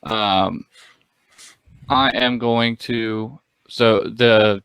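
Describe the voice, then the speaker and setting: Low-voiced man musing over his turn. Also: fairly even intonation, normal speed, dry recording, rough recording. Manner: thinks aloud with hesitant fillers. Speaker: player. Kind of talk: casual tabletop game talk.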